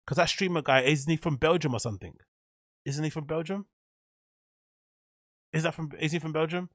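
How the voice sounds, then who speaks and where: A man's voice: fairly high pitch, moderate pace, a bit bright, no room sound, clean studio sound. A man giving rambling, profane reaction commentary as host, laughing often.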